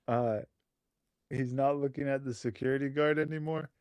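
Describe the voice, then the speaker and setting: A man's voice: mid-range voice, little pitch movement, normal speed, a little mellow, dry recording. A man co-hosting a podcast who narrates an improvised story in an easygoing way. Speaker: podcast co-host.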